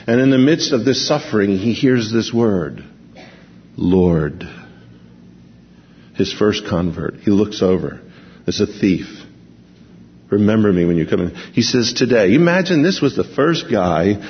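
A man preaching a sermon, reading scripture slowly and then explaining it in a conversational way. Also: lowish voice, very animated, long reverb tail, dull audio.

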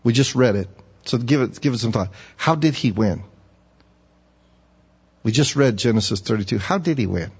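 A man preaching a sermon, asking his listeners questions and getting animated when he acts out a pleading voice. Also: moderate pace, pauses often, slightly rough. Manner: animated, rising high when acting out pleading; asks the audience questions. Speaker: pastor. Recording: dull, echoey hall.

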